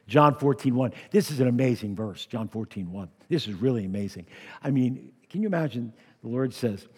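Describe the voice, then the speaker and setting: A male pastor preaching a lively sermon, with personal asides and humor. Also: on the high side, slightly rough. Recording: long hall reverb.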